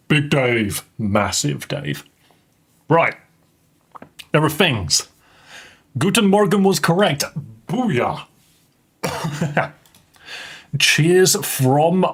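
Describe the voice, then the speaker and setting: Husky streamer guy. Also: medium pitch. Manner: rambling, joking, swears casually. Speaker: game streamer. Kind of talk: casual live-stream chat. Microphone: headset.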